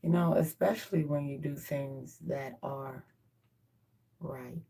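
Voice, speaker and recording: A woman's voice: a bass voice, fairly even intonation, slow pace, creaky, mellow, breathy edge. A woman hosting a livestream, musing in a casual, reflective way and repeating her points. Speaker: livestream host.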